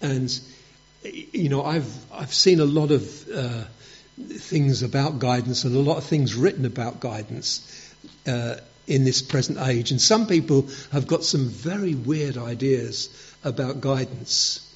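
A man's voice: medium pitch, a little slow. A man preaching a sermon, telling stories and acting out little quotes in a conversational way. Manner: storytelling with acted quotes, conversational. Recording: dull lo-fi recording.

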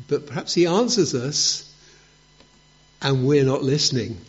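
Storytelling preacher with a lo-fi sound. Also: male voice, mid-range voice, animated, measured pace, pauses often. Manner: storytelling with acted quotes, conversational. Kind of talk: sermon. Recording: dull lo-fi recording.

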